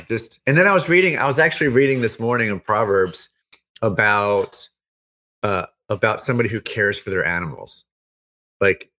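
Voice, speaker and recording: A man's voice: on the low side, pushed and bright. A man co-hosting a casual Christian end-times chat, rambling and restarting his sentences. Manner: rambling, with many restarts and fillers.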